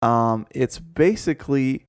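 A man's voice: mid-range voice, clean tone, no room sound, studio quality. Swearing male podcast co-host. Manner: swearing, quick interjections. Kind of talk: casual chat.

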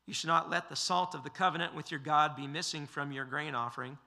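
Male pastor, slightly high voice, sermon delivery, measured and emphatic. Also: bright, forceful tone. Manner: measured, emphatic preaching with occasional fillers. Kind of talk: expository sermon.

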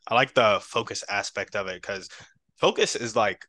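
A man's voice: fairly low pitch, normal speed, sharp tone. A man hosting a podcast, affirming his guest and asking long, thoughtful questions. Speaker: podcast host. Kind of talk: interview questions.

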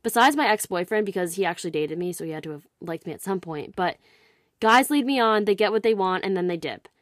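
A woman's voice: mid-range voice, animated, quick pace, no room sound, studio quality. Frank, sarcastic young woman telling a story. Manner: frank, sarcastic, swears freely, swings from exasperated to hurt. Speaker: podcast host. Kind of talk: casual storytelling monologue.

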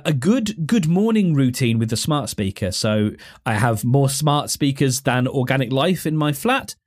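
A man hosting a solo podcast, chatting casually in a rambling, self-deprecating way. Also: mid-range voice. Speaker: podcast host.

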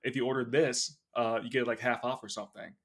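A man's voice: mid-range voice, level tone, brisk. Laid-back male podcast co-host. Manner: laughing, storytelling with lots of fillers. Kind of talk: casual chat.

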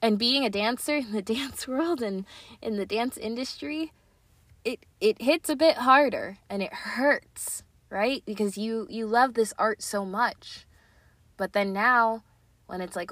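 A woman's voice: on the high side, measured pace, a bit bright, dry recording. A young woman hosting a podcast, talking earnestly and casually with lots of "like" and "right?". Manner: earnest, chatty, many "like" and "right?" fillers. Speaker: podcast host. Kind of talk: casual confessional chat.

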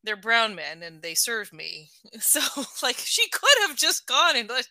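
A middle-aged woman chats casually about books in a very bright, sharp voice that sits on the high side, speaking unhurriedly. She's animated, laughs often, and peppers her sentences with "like," and the sound is dry and close with no room around her.

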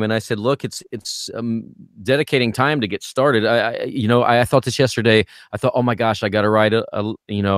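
A man's voice: on the low side, smooth, dry recording. Rambling middle-aged man, dry close sound. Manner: rambling storyteller, repeats words when starting sentences. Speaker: vocal coach and podcast co-host. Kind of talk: casual podcast chat.

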